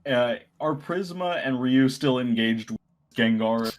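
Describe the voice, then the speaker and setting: A man playing in a tabletop role-playing game, describing his character's actions in a relaxed, halting way. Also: mid-range voice, low-quality recording. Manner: relaxed, halting, full of fillers and laughs. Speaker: player. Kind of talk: tabletop role-play narration.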